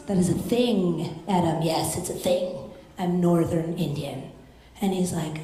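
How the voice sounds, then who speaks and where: A woman's voice: on the low side, measured pace, dark tone, slight background noise. Brash, profane young woman comic. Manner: brash, profane, punchy delivery. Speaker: stand-up comedian. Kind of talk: stand-up comedy set. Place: comedy club stage. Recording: roomy club sound.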